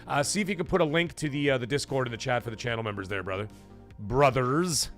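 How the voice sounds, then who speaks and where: A man hosts a live stream in a loose, joking way, swearing freely and reading out viewer messages. His voice sits in an ordinary middle register. Soft music plays faintly under him. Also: medium pitch, fast talker. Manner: chatty, joking, loose and profane; reads viewer messages aloud. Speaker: livestream host. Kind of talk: casual live-stream chat.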